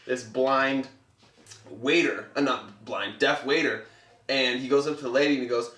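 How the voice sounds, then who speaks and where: A man's voice: mid-range voice, steady tone, moderate pace, fairly bright tone, echoey room, recorded from a distance. A man co-hosting a casual podcast chat over a beer, talking loosely, swearing and laughing. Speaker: podcast co-host.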